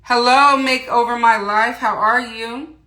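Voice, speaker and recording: A woman's voice: fairly high pitch, fairly even intonation, a little slow, bright, forceful tone. Chatty woman hosting a makeup livestream. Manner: chatty, greets viewers and reads comments aloud. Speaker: beauty livestream host. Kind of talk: casual makeup tutorial livestream. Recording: roomy echo.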